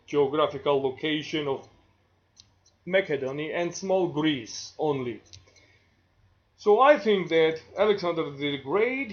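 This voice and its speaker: A male marketing professor with a Georgian accent talks through his lecture, unhurried and full of pauses. His voice sits a little high. The recording is dull and lo-fi. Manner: slow, deliberate, with frequent pauses and fillers. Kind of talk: university lecture.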